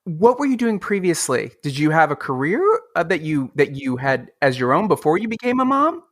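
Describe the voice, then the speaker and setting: A man hosting a podcast interview, enthusiastic and animated, telling stories with lively energy. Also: a little high, a little fast, no room sound, clean studio sound. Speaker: podcast host. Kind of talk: casual interview chat.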